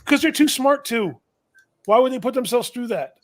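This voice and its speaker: A man's voice: very high-pitched, animated, moderate pace. A man co-hosting a live shop-talk stream, musing reflectively with the odd chuckle. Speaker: podcast co-host. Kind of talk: casual shop talk livestream.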